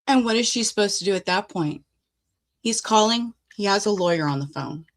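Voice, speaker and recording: A woman's voice: mid-range voice, expressive, a little fast. A woman commentator speaking reflectively and asking listeners rhetorical questions.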